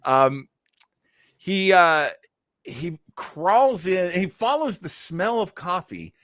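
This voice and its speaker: Brief: bright, lively-voiced man co-hosting a chatty review podcast, acting out bits as he retells. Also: sits high, slow, no room sound, studio quality. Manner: animated, retells scenes with acted-out quotes. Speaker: podcast co-host. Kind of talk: casual episode review chat.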